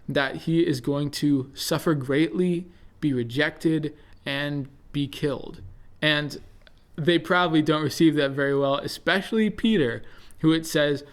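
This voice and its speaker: Young male presenter, casual scripture talk, relaxed and unpolished. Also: medium pitch. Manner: relaxed, thinks aloud with fillers. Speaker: bible study presenter. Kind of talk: casual bible reflection.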